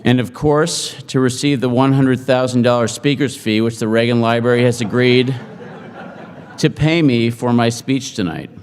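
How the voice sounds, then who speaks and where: A middle-aged man giving a humorous after-dinner speech, joking in a deadpan, self-mocking way to an audience in a large hall. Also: medium pitch, normal speed, clear, resonant tone. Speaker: speaker at a forum. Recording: hall reverb.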